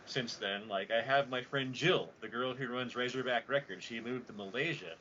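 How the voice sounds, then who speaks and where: A man's voice: mid-range voice, normal speed. A man from Utah co-hosting a podcast, telling a long rambling story in casual chat with plenty of swearing. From Utah, USA. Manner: rambling, profane, animated storyteller. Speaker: podcast co-host. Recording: dull lo-fi podcast audio with faint noise.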